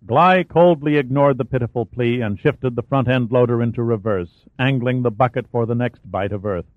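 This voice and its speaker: A man's voice: medium pitch, normal speed, no echo. Man narrating a thriller, tinny phone-like line. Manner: steady, dramatic storytelling. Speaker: audiobook narrator. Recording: dry, tinny phone-like sound.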